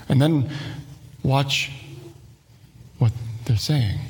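A man's voice: mid-range voice, a little slow, pauses often, a little mellow, slightly rough. A pastor giving a conversational sermon with asides to his listeners.

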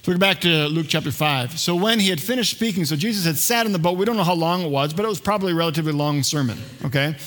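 Conversational preacher, a man, slightly high voice. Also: rapid-fire, few pauses, fairly bright tone. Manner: conversational, jokes with the congregation. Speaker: pastor. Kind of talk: sermon. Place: church.

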